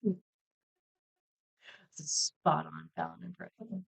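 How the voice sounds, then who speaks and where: A woman co-hosting a podcast in a relaxed, chatty way, with frequent fillers. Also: low-pitched, slow pace, vocal fry, husky. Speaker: podcast co-host. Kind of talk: casual podcast chat.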